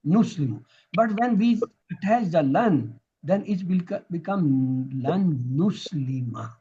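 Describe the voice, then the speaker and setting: Male grammar teacher, husky and a bit high, runs drills and quizzes his class; muffled lo-fi recording. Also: lively intonation, takes it slowly, warm tone. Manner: drills verb forms, quizzing students. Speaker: Quranic Arabic teacher. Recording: dull lo-fi recording.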